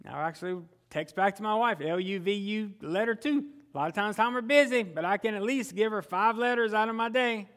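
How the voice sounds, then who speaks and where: A man's voice: sits high, a little fast, hardly any pauses, a bit bright. A man preaching a sermon as pastor, conversational, often asking the congregation questions and answering them himself.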